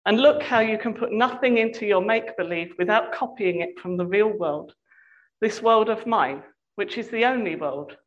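A woman voicing a soft-spoken, coaxing enchantress queen in a hushed, cooing tone. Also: medium pitch, moderate pace, highs cut off, natural voice. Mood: soothing scornful.

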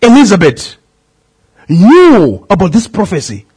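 A middle-aged man, a pastor preaching a sermon, calling out questions to the congregation with a husky voice. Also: huge pitch swings, measured pace, darkish tone. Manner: preaching with swooping pitch, calls to the congregation.

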